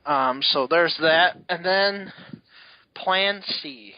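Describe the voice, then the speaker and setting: A man's voice: on the high side, very slow, no room sound. A man co-hosting a wrestling podcast in casual chat, telling stories in a chatty, rambling way. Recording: dull lo-fi recording.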